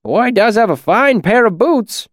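A man voicing a nosy older male villager who calls out loudly and pries into a stranger's business. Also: high-pitched, animated, unhurried, no echo, clean studio sound, pitched above the performer's own voice. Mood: prying. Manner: loud, calling out.

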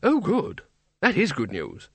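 A man voicing an older wizard who leads a university, blunt and commanding in manner, with a raised pitch, read dry and close. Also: wildly swooping pitch, unhurried, fairly bright tone, breathy edge, no echo, full character voice. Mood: flustered. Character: blustering older male archchancellor wizard.

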